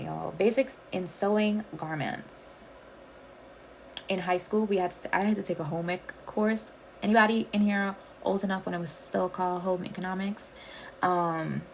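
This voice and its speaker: Hosting a casual livestream, a woman from the Caribbean speaks in a fairly low voice with vocal fry, chatting straight to viewers she addresses as y'all. The audio is poor, with slight background noise.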